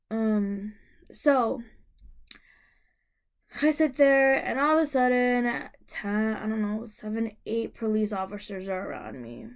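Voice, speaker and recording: Young woman, upset, rambling story, fairly high voice, lots of fillers. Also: clean tone. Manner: emotional, rambling, many fillers and restarts. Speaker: vlogger. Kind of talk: personal storytelling to camera.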